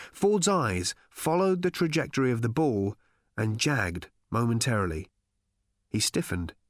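Male audiobook narrator, deadpan and measured, lively pitch, super dry close sound. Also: dry recording.

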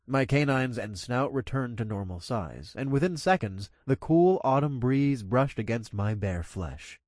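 A man narrating an audiobook with expressive energy, his pitch swinging widely up and down through the action. His voice sits at a middle pitch for a man. The recording is dry and close with no room sound. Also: measured pace, dry recording.

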